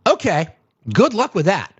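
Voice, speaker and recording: A man's voice: high voice, very animated, moderate pace, fairly bright tone, husky, muffled recording. A man doing casual political commentary on a live stream, blunt and sarcastic, cursing freely.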